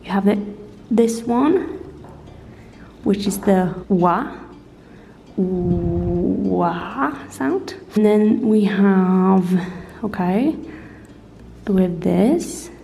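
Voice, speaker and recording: A woman hosts a casual tutorial vlog on French pronunciation. She talks slowly in a dark, gravelly voice and hesitates often, restarting sentences as she moves between French and English. She sits some way from the mic in a roomy, echoing space with faint background noise. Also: medium pitch, lively intonation. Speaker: vlogger teaching French pronunciation. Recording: echoey room, voice heard from a distance, faint room noise.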